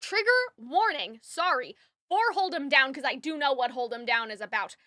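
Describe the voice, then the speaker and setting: A woman reacting live to a musical, talking in an excitable, rambling way and full of fillers. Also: high voice, normal speed, dry recording, studio quality. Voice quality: alto singer. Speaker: reaction streamer.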